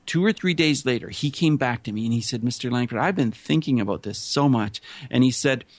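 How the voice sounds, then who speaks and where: A man telling stories in a casual interview, earnest and animated, often saying "you know". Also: mid-range voice, no room sound. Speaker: interview guest. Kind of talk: casual conversational storytelling.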